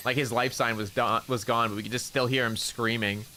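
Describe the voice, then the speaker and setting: A man with a medium-pitched, sharp voice speaks briskly and fairly evenly on a gaming stream, with a little hiss or hum in the background. He chats casually, rambling through funny stories, laughing a lot and swearing often.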